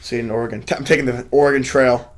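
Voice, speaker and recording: A young man co-hosting a podcast in loose, casual chat. He gets excited and trips over his words, restarting his sentences again and again. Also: mid-range voice, rapid-fire. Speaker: podcast co-host.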